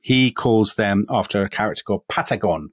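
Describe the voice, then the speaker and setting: Low-voiced English man telling a story. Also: fairly quick, dry recording. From England. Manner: chatty, self-deprecating asides, frequent "kind of" and "sort of". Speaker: podcast co-host. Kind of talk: casual history podcast storytelling.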